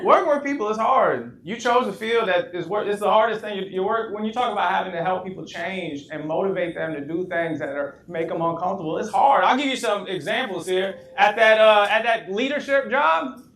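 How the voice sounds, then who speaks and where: A man with a fairly high voice giving a live motivational workshop. He tells stories with plenty of humor, laughs along with himself and asks the crowd questions. His voice rings around an echoey room. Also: brisk. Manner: lively storyteller who laughs often at his own jokes. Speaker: motivational speaker.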